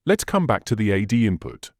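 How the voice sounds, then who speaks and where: A man hosts a synthesizer tutorial, patiently walking through the on-screen settings step by step with slightly non-native phrasing. His voice is on the low side, with wildly swooping pitch and a fairly quick pace, recorded dry with studio quality.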